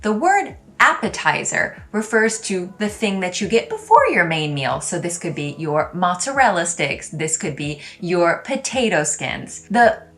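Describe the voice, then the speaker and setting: A woman's voice: on the low side, big pitch swings, measured pace, hardly any pauses, a bit bright. Woman, bubbly, chatty, playful video lesson host. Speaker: language YouTuber.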